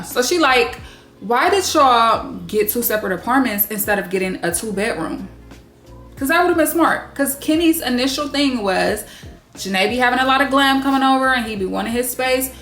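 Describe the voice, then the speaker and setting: Woman doing a reality tv recap, swears a lot, echoey room with faint music under it. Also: on the high side. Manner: blunt, swears freely, animated asides. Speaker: recap vlogger.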